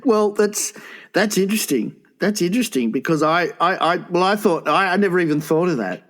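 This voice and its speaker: A man's voice: high-pitched, expressive, brisk, fairly bright tone. A man hosting a podcast, telling a rambling story full of swearing and stumbling restarts. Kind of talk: casual podcast banter.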